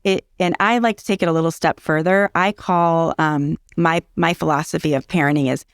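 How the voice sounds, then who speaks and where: Earnest middle-aged woman, teacherly, repeats points; slightly low, dry close sound. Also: steady tone, a little fast, clean tone, no echo. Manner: earnest, teacherly, repeats key phrases for emphasis. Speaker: early childhood educator and parenting guest. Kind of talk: casual interview explaining parenting.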